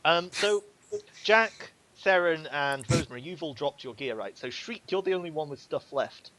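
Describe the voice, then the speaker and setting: A man's voice: a little high, moderate pace. A man narrating as game master of a tabletop game, casual, with lots of fillers. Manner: casual, many fillers, lively.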